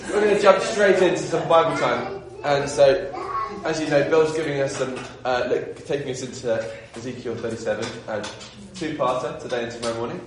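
A man's voice: medium pitch, a little fast, few pauses, distant mic, a crowd in the background. A man opening a morning group session and leading a prayer, talking casually with hesitations. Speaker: group leader. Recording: echoey room, speaking away from mic, with noise.

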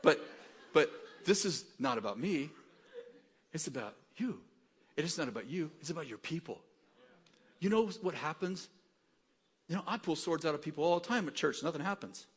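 A man preaching a sermon, telling jokey stories that build to excited rising questions. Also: fairly high pitch, normal speed, pauses often, breathy edge, big-room sound. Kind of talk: sermon with storytelling.

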